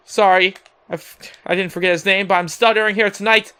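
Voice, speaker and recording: A young man doing excitable, announcer-style wrestling play-by-play over a video game, full of exclamations. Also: high-pitched, fairly quick, clear, resonant tone. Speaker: game commentator.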